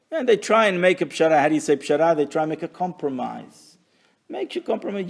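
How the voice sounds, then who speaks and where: A man with a gravelly, slightly high voice gives a Torah lesson. He reads Hebrew phrases aloud, translates them and explains them in a conversational teaching tone with wry asides. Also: very animated, fairly quick.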